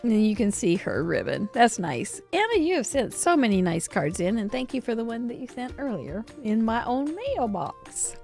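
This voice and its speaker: A woman's voice: medium pitch, a little mellow. Chatty giggling woman host. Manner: chatty, giggly, rambling with restarts. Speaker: host of a live cardmaking show. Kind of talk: casual livestream chat.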